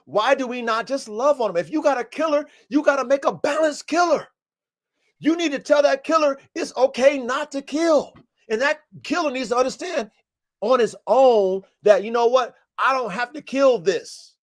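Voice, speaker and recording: A man's voice: very high-pitched, normal speed. A man hosting a casual livestream podcast about dogs, talking in a profane, emphatic, preaching way. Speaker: podcast host and dog breeder.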